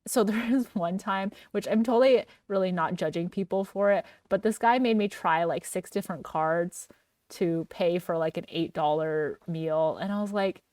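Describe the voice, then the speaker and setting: Chatty young woman, low voice, dry. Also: moderate pace, darkish tone, no room sound, distant mic. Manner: chatty, many "like" fillers, laughs often. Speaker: podcast co-host. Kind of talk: casual chat.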